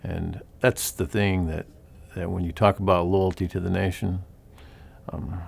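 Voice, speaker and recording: A man in an interview quickly recounting a story about a comrade. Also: low-pitched, level tone, vocal fry, breathy edge. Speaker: interviewee, former soldier.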